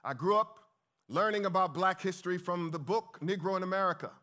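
A man in his fifties tells a story to a church gathering. His voice sits fairly high, and he swings between hushed lines and loud, dramatic ones. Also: a little fast. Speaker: speaker and singer at a church event. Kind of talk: storytelling talk with sung spiritual.

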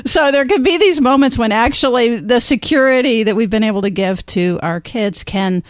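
A middle-aged woman co-hosting a podcast interview, telling personal stories in an expressive way and laughing often. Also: a little high, moderate pace, no room sound. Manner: warm, expressive storytelling with frequent laughs. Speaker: podcast co-host. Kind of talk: conversational interview.

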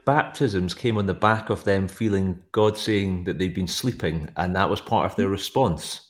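Male host, lower pitch, affirming and reflective interviewer. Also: normal speed. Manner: affirming, reflective, quietly enthusiastic. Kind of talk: conversational interview.

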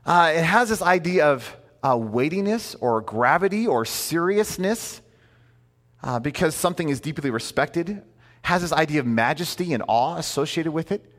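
A man preaches in a loose, talkative way, firing off rhetorical questions and quick asides. His voice sits a little high for a man. It rings out with a long reverb, as in a large hall. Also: expressive, a bit bright. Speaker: pastor. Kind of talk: sermon.

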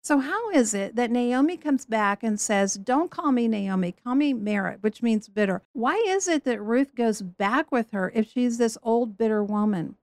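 A woman teaching on a Bible story in a lively way, acting out the voices she quotes. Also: fairly high pitch, moderate pace, hardly any pauses, no echo, clean studio sound.

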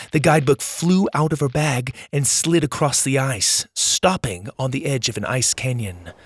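A man reading a children's adventure story as its narrator, in a measured and dramatic storytelling manner. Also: medium pitch, slight background noise.

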